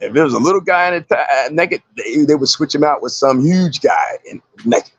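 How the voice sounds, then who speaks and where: A man and actor, a guest in an interview, telling animated stories and acting out the voices of people he quotes. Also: on the high side, fairly quick, husky, highs cut off. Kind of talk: casual interview storytelling.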